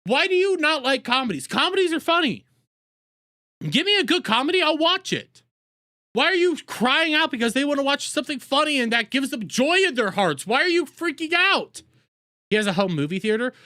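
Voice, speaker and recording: A man's voice: extremely high pitch, pushed and bright, dry recording, clean studio sound. A man doing crude, sarcastic reaction commentary as a streamer, mocking the people he watches.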